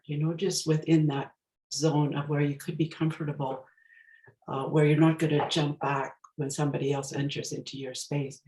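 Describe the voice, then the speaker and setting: A woman's voice: low voice, a little mellow. Woman telling a story in an echoey room. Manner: reflective, searching for words. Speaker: guest speaker. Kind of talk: storytelling talk.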